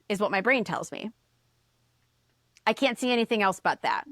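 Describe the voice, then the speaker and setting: A woman guest on a podcast, telling a story in casual chat, animated, swearing and acting out the voices she quotes. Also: medium pitch, moderate pace, no echo, clean studio sound.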